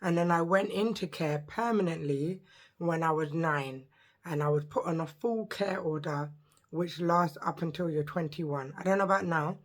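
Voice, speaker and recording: A woman in her thirties, a social worker by trade, introduces her vlog with chatty, joking excitement at a moderate pace. Her voice is low-pitched, and she notes that it sometimes gives out.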